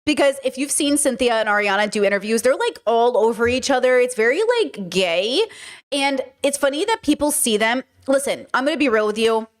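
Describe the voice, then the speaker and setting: A woman's voice: fairly high pitch, a little fast. A woman hosting a podcast, giving frank, casual commentary full of "like" and "okay" and the odd swear word. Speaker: podcast host reacting to clips.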